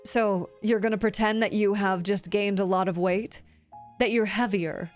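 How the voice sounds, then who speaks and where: A woman streamer giving a casual, rambling voice acting lesson to her chat, often dropping her voice low to demonstrate. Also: steady tone, normal speed, soft background music.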